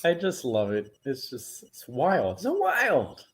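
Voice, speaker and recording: Male guest, chatty animated storyteller, mid-range voice. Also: medium pitch, unhurried. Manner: animated storyteller, acts out quotes, laughs often. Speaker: guest actor. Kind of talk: casual interview chat.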